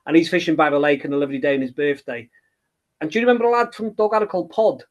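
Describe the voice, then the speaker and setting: In a casual interview, a middle-aged children's book author talks in a slightly high, animated voice at a racing speed. He rambles and hesitates, restarting his sentences again and again.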